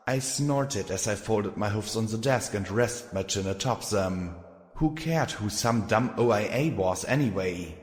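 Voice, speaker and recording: A man narrating a fan fiction audiobook in a steady, measured way. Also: lowish voice. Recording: echoey room with long reverb.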